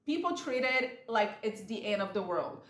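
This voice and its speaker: A woman's voice: on the high side, sing-song, moderate pace, fairly bright tone, reverberant. A woman vlogging in a chatty, rambling way, retelling movie scenes with animation. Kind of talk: casual chat. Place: lives in San Diego.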